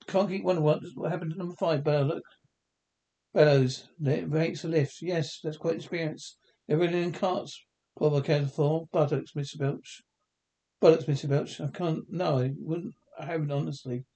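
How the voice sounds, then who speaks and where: Brief: male reader of a comedy film script, a touch high, warm mellow tone, all parts in one voice. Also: steady tone, moderate pace. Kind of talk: reading a film script aloud.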